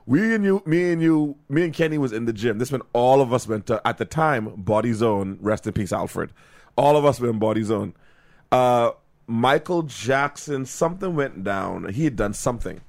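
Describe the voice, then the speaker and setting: A man co-hosting a podcast in casual chat, an animated storyteller who laughs often and acts out quotes. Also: medium pitch, moderate pace. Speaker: podcast co-host.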